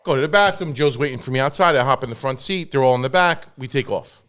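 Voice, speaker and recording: A man, co-hosting a podcast, telling a story in a casual, profane, animated way and acting out the quoted dialogue. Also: mid-range voice, quick pace, smooth. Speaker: podcast co-host.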